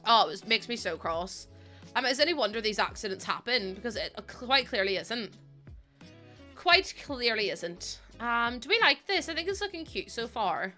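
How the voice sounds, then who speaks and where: A woman's voice: a little high, expressive, a little fast, bright, forceful tone, soft background music. A woman streaming from home into a desk microphone, chatting casually in a rambling storytelling way with lots of fillers. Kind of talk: casual live-stream chat while playing a game.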